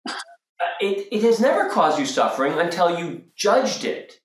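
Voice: mid-range voice, big pitch swings, normal speed, echoey room, a little hiss or hum, low-quality recording. A spiritual workshop teacher talking casually to a group, acting out quoted voices and laughing along.

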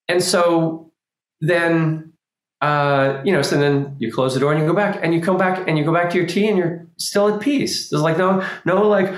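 A man giving an informal spiritual talk, animated and acting out small quoted scenes as he explains. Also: a little high, normal speed. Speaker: spiritual teacher. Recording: roomy echo.

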